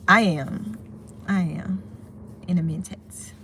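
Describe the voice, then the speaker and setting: A talkative middle-aged woman from the United States streams live from her car outside a store, greeting her chat and wandering from story to story. Her voice sits fairly low and has a gravelly edge. Faint background noise hums under the recording. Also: steady tone, slow pace, a bit bright. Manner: chatty, easily sidetracked, greets viewers by name.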